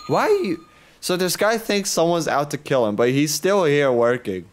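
A man's voice: fairly high pitch, sing-song, moderate pace, clear, resonant tone. A young man doing casual let's-play commentary, joking and rambling and swearing freely. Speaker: gaming YouTuber.

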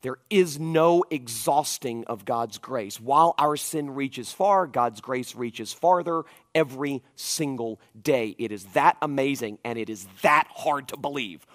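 A man who is a pastor, preaching a conference sermon in an animated, conversational storytelling manner. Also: medium pitch, a little slow, hardly any pauses.

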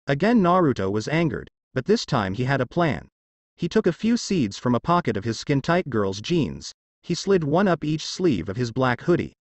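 A man narrating a fanfiction story in an expressive storytelling manner. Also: mid-range voice, no echo, highs cut off.

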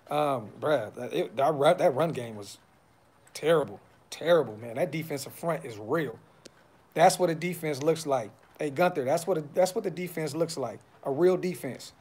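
A man with a slightly high, a little mellow voice hosts a fan podcast from his brother's house. He talks casually on a live stream, sounding frustrated, using blunt slang and repeating himself a lot.

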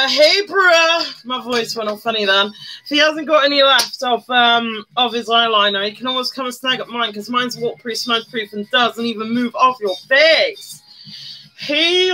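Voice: mid-range voice, a little slow, bright, forceful tone. A person chatting casually on a livestream while doing makeup, greeting viewers by name and humming along. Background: faint music.

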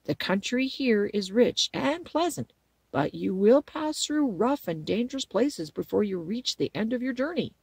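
A woman's voice: fairly high pitch, animated, measured pace, creaky, darkish tone, breathy edge, dry recording, heavily acted. A woman reading a grave Munchkin man. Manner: grave, earnest.

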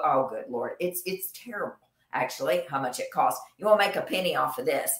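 A woman's voice: low-pitched, roomy sound. A woman from Kentucky, hosting a casual livestream and talking emphatically, repeating phrases to drive her points home. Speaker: nurse practitioner and show host.

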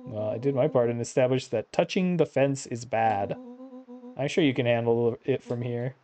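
A man's voice: medium pitch, moderate pace, dark tone, lightly acted. A man voicing a cocky, bragging young critter kid while reading game dialogue aloud. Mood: smug. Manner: brash, bragging.

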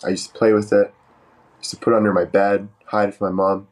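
A man casually telling a joking story on a live stream, animated and swearing freely. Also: lowish voice, fast talker.

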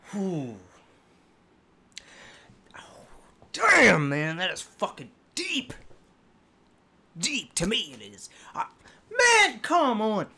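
A man's voice: medium pitch, bright, forceful tone, a little hiss or hum. A man hosting a music reaction video, talking in a casual, profane, rambling and heartfelt way, emotional as he speaks.

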